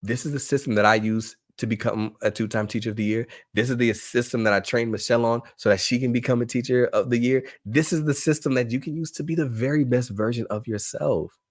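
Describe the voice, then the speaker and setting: A man presenting a live online workshop for teachers, talking in an energetic, emphatic way and repeating phrases for effect. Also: mid-range voice, fairly quick, hardly any pauses, no room sound, clean studio sound. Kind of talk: motivational live webinar talk.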